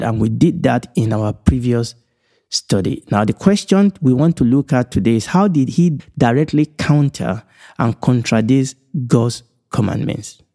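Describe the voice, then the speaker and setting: A man's voice: mid-range voice, warm tone. A middle-aged man from Nigeria hosting a Bible teaching podcast, stressing his points and counting them off one by one.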